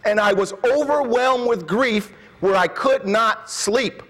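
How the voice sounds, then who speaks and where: A man preaching a sermon, reading scripture passionately and dropping his voice to a hush at times. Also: high-pitched, long reverb tail. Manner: impassioned, slows and drops to a hush when reading scripture.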